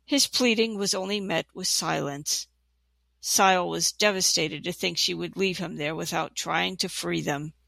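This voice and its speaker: A narrator reading a fantasy storybook aloud in a steady, plain way. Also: medium pitch, gravelly, no echo. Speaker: audiobook narrator.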